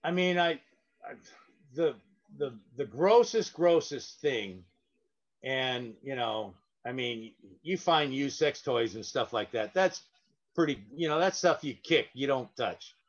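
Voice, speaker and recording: A man's voice: medium pitch, animated, a little slow, lo-fi sound. A man, a parking lot sweeper and guest, telling stories in a casual, rambling way with many fillers and restarts. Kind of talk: casual anecdotal storytelling.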